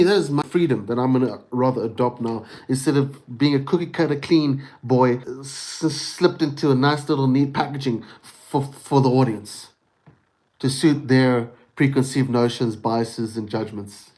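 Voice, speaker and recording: Speaking directly to his livestream, a man rambles through a casual rant, cursing freely and calling the listener "dude" and "bro." His mid-range voice is a little mellow.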